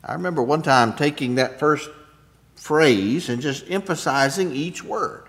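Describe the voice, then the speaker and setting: A man preaching a sermon, unhurried, often clearing his throat, building to emphatic peaks and then dropping soft. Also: on the high side. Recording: long hall reverb.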